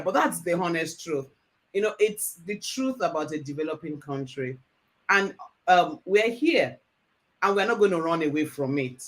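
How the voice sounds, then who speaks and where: A woman's voice: lowish voice, expressive, normal speed. A woman hosting a business talk show, emphatic and enthusiastic. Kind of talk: interview hosting.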